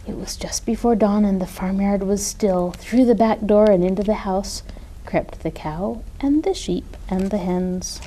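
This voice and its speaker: A woman reads a children's picture book aloud, taking her time over each line. Her voice is mellow and soft-edged, and her telling is gentle and expressive. She speaks as a children's librarian sharing a favorite story. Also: medium pitch.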